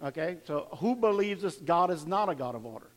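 High-voiced pastor quizzing his congregation. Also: animated, a little fast. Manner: conversational, quizzes the congregation, repeats words. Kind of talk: sermon.

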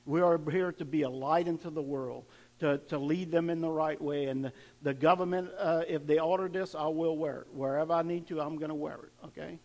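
High-voiced pastor quizzing his congregation. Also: fairly even intonation, fairly quick, a little mellow. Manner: conversational, quizzes the congregation, repeats words. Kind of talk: sermon.

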